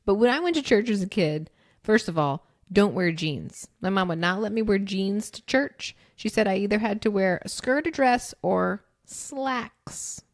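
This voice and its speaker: A woman's voice: mid-range voice, animated, moderate pace, no echo. A woman in her thirties with a mid-range voice, hosting a casual chat. She is chatty, laughs often, and sounds dry and close to the mic. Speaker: podcast host.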